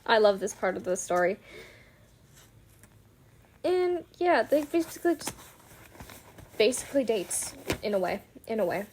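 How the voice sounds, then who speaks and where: A woman's voice: mid-range voice, sing-song, measured pace, pauses often, a little mellow, a little hiss or hum. A woman book vlogger who gives a casual, chatty plot recap, full of fillers and swearing.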